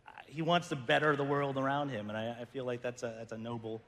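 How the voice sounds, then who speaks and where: Halting male panelist, mid-pitched voice, long hall reverb. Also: little pitch movement, a bit bright, slight background noise. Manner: hesitant, many fillers and restarts. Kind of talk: casual panel chat.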